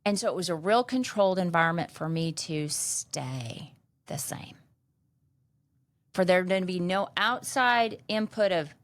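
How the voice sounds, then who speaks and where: A woman's voice: fairly low pitch, animated, a little slow, dry recording. A middle-aged woman hosting a podcast, talking bluntly and emphatically in a motivational monologue and swearing freely. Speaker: podcast host.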